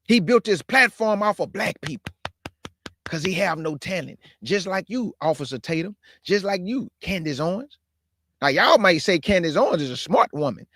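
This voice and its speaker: On his own stream, a man preaches with fire, circling back to the same points and addressing his audience as family. His high voice has lively intonation, a moderate pace and a fairly bright tone, with no room sound.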